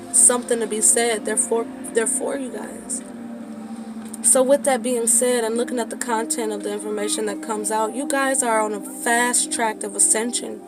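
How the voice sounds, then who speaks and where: A woman giving a tarot reading to her viewers, speaking casually and sometimes swearing, then getting worked up and preaching. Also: fairly high pitch. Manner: impassioned, rising into preaching; profane, casual. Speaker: tarot reader.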